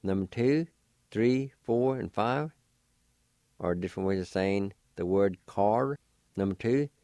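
A man hosting a language lesson, slowly spelling out letters and sounding out syllables for listeners. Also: fairly low pitch, darkish tone, dry recording, clean studio sound. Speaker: language teacher and show host.

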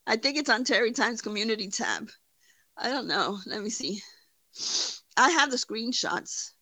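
Blunt, mocking woman streamer, bright voice. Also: on the high side, expressive, unhurried, long pauses, no echo. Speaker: livestream host. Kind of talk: casual commentary.

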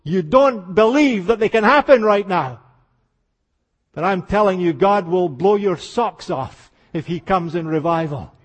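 Older man preaching high and impassioned. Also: lively intonation, measured pace. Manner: impassioned storytelling, dropping to hushed tones then rising to exclamations. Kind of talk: revival sermon. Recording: reverberant hall.

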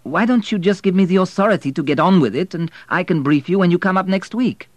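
A nervous, earnest young hotel manager in an audiobook, voiced by a man. The voice sits well above the reader's own low register and presses eagerly. Close, dry recording. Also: quick pace, dry recording, lightly acted.

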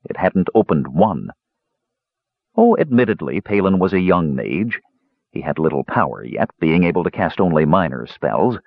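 Husky man narrating a fantasy audiobook. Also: deep voice, normal speed, dry recording, phone-quality sound. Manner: expressive storytelling.

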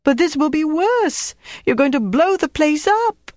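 A narrator voicing a frightened middle-aged woman in an audiobook, speaking in a high, shaky, moaning voice. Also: very animated, unhurried, darkish tone, no echo, clean studio sound. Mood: panicked. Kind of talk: audiobook character voice.

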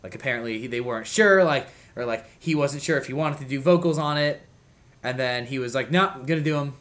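A man's voice: mid-range voice, fast talker, fairly bright tone. Rambling casual man with lots of fillers. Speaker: podcast co-host. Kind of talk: casual chat.

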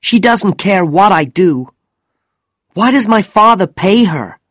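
Bold quick-tempered teen girl pitched way up, man putting her on, dry close sound. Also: animated, fairly bright tone, no room sound, heavily acted. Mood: firm.

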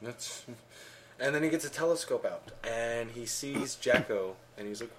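A man's voice: mid-range voice, measured pace, background noise. A man co-hosting a podcast, retelling a manga chapter in casual chat and swearing freely. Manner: animated storyteller, swears freely. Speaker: podcast co-host.

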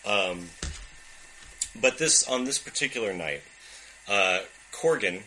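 A man's voice: lowish voice, lively intonation, slow pace, sharp tone, slight background noise, rough recording. A man running a tabletop game as game master, narrating casually with many fillers. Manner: casual, filler-heavy narration with frequent laughs.

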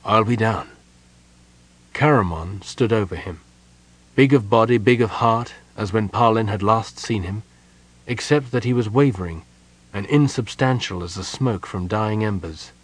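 Reading a fantasy audiobook, this man narrates in a steady, measured storytelling style. His voice is husky and on the low side.

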